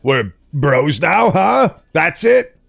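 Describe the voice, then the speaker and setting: A man voicing a brash, crude-talking male agent who swears and shouts like a hillbilly. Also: a little high, sing-song, slow, gravelly, breathy edge, full character voice. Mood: brash, incredulous.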